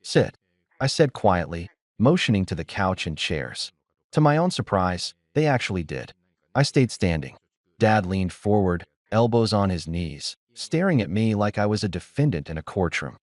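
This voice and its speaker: A man narrating a first-person story in a measured, dramatic storytelling manner. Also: low voice, very animated, dry recording, clean studio sound.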